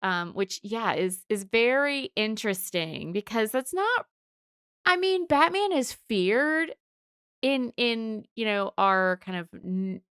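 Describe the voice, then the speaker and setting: Woman podcast co-host, analytical and reflective, smooth clear voice, dry close sound. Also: fairly high pitch, animated, slow pace, fairly bright tone, dry recording. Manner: thoughtful, analytical, with restarts. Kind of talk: casual discussion of comics and psychology.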